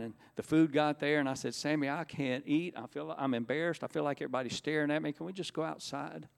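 A man's voice: medium pitch, big-room sound. A man preaching, telling his own conversion story and acting out the dialogue. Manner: storytelling, emotional retelling with quoted dialogue. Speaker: preacher giving his testimony. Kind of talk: sermon testimony.

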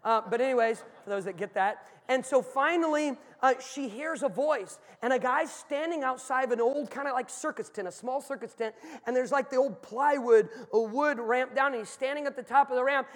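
A high-pitched man preaches in a large church, and his voice trails off in a long hall reverb. He tells stories, dropping to a hush and then rising to a shout. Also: normal speed, few pauses. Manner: storytelling, swings from hushed to shouting. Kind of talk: sermon.

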